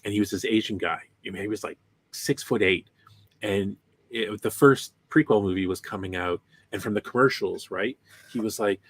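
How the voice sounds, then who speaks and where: A man's voice: lowish voice, moderate pace, a bit bright, slightly rough. A man co-hosting a fan podcast in casual chat, telling stories and laughing between remarks. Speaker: podcast co-host.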